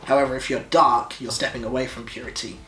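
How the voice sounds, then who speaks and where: A man's voice: mid-range voice, quick pace, a little hiss or hum. Young male vlog co-host, easygoing and chatty, recorded in an echoey room. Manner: relaxed, explanatory, laughs easily. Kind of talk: casual couple vlog chat.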